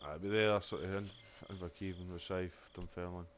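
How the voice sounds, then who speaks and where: Sweary Scottish man, low voice. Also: fairly even intonation, fairly quick, slight background noise. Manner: sweary, rambling storytelling with many fillers. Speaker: game streamer. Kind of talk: casual chat while gaming.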